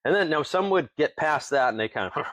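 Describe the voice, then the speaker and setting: A distillery owner from Tenino, Washington, guests on a casual interview, telling folksy stories in a fairly high voice at a slightly fast clip. A lively storyteller, he chuckles between lines and acts out what other people said, with no room sound on the recording.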